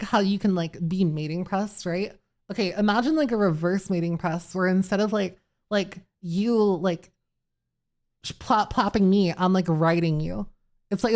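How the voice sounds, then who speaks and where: Woman streamer chatting w/ her chat, laughs a lot, swears a ton, mid-pitched voice. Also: a little mellow. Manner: giggly and profane, reads chat aloud. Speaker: live streamer.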